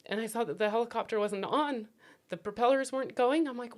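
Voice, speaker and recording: A grief-stricken woman recounts a personal loss in a podcast interview. Her voice sits a little high and comes in halting, broken phrases that at times sink to a whisper. She sounds near tears throughout. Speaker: podcast guest, bereaved mother. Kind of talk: emotional personal testimony.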